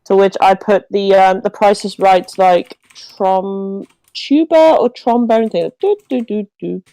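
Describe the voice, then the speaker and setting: Slow, rambling woman on a dry mic. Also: medium pitch, dark tone, clear, resonant tone, dry recording, low-quality recording. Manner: rambling, full of "like" and restarts, teasing. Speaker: co-host. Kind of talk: casual chat on a livestream.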